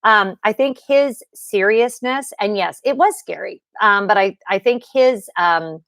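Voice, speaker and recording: A woman's voice: mid-range voice, unhurried, fairly bright tone, dry recording, studio quality. A woman hosting a casual livestream from her home computer, chatting loosely with viewers and greeting them by name as she talks. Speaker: livestream host.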